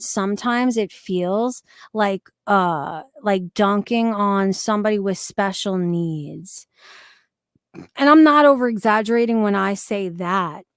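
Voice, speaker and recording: Slow-talking blunt woman streamer. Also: mid-range voice, no echo, clean studio sound. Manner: blunt, profane, sarcastic. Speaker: reaction streamer. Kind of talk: live stream commentary.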